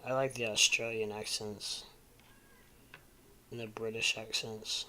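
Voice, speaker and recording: A man's voice: fairly low pitch, level tone, unhurried, bright, forceful tone, a little hiss or hum. A man in his forties from the Midwest, rambling casually at home as host of a livestream and answering chat. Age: 40s.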